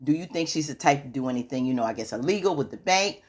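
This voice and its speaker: A woman's voice: a bass voice, lively intonation, quick pace. Chatty woman recapping TV. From United States. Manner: chatty, filler-heavy, audience-addressing. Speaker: TV recap YouTuber. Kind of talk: casual TV episode recap.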